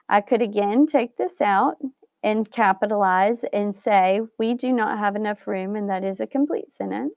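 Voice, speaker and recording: A woman's voice: medium pitch, moderate pace, creaky, a little mellow, no room sound. A woman teacher giving a recorded grammar lesson, patiently explaining step by step and checking in with "right?". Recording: dull lo-fi dry recording.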